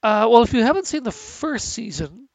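A man's voice: extremely high pitch, big pitch swings, moderate pace, no echo, low-quality recording. A man with stuffy sinuses co-hosting a casual chat about TV, rambling with many restarts and fillers. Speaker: podcast co-host.

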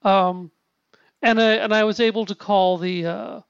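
Halting man in a lo-fi recording. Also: high-pitched, steady tone, creaky, clean tone, no echo. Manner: halting, many restarts and fillers, swears casually. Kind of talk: casual film discussion. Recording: dull lo-fi sound.

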